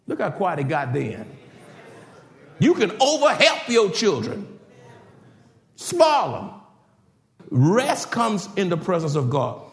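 An older man preaching a sermon in a church, swinging from shouted exhortation to hushed passages. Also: high-pitched, huge pitch swings, slow pace, pauses often. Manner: preaching with rising shouts and sudden quiet passages. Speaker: pastor. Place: church sanctuary. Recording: roomy church echo.

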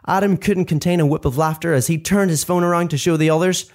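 A storyteller reads a children's book aloud at a middle pitch. The delivery is expressive, leaning on words and slowing down for emphasis. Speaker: reader.

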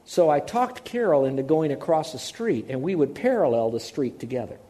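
Casual: guy preaching a sermon, chatty storyteller, kinda high but mellow voice, keeps asking the crowd stuff. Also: very animated, moderate pace. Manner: conversational storytelling, asks the audience questions. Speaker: pastor.

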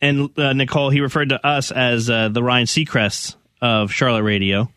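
A man's voice: mid-range voice, flat delivery, normal speed, pushed and bright, no room sound, studio quality. A man hosting a casual radio show podcast, chatty and laughing as he reads listener texts.

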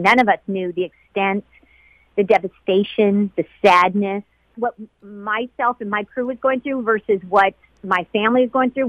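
A woman who was once a flight attendant recounts her story in an interview, her voice halting and close to tears as she repeats herself. The recording is dry and somewhat muffled, with a dull, lo-fi sound. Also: mid-range voice, fairly bright tone, dry recording. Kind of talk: emotional personal recollection.

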